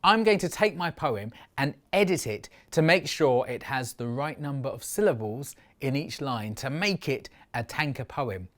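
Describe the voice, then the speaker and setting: A middle-aged man giving a lively poetry lesson for children, expressive and slowing down to sound out syllables. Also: mid-range voice.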